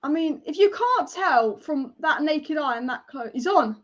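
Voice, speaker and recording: A young woman hosting a live football watch-along, excitable and casual, chanting and swearing as she reacts. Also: sits high, moderate pace, hardly any pauses. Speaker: football fan livestream host. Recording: dull lo-fi stream audio.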